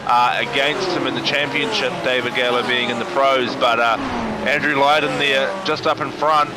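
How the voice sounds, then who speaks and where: A man giving steady, analytical race commentary with many fillers. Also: mid-range voice, normal speed. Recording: noisy background.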